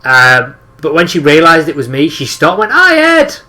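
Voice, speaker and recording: Bright-voiced young Teesside man, sweary storyteller. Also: on the high side, brisk. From northeast England. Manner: swears often, tells anecdotes with acted-out quotes. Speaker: podcast co-host. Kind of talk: casual chat.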